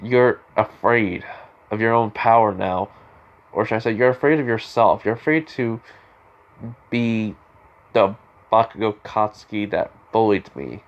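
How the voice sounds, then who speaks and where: A man voicing a calm, blunt teenage boy hero in a spoken fan story, talking in a steady, challenging way close to his own voice. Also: lowish voice, unhurried, muffled recording.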